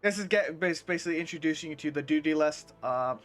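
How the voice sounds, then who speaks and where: A man's voice: on the high side, fast, a bit bright, faint music behind. A man giving casual, rambling let's play commentary as a gaming video creator, with many restarts.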